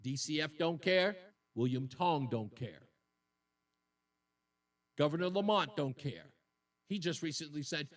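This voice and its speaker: Indignant high-voiced male radio host. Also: lively intonation, a little slow, long pauses, recorded from a distance. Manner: indignant, emotional, repeats points for emphasis. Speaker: radio talk show host. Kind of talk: talk radio monologue.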